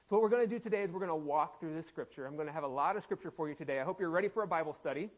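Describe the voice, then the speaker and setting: A man's voice: fairly high pitch, very fast, hardly any pauses, low-quality recording. A man preaching a sermon as pastor, laughing often and acting out quoted voices playfully. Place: church sanctuary.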